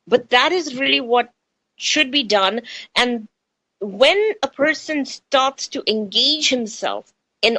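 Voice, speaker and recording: A woman's voice: on the high side, fairly bright tone. A middle-aged woman with an Indian accent hosts a spiritual talk radio show, chatting freely and repeating phrases for emphasis. She speaks close to a studio microphone, and her voice sounds dry with no room echo.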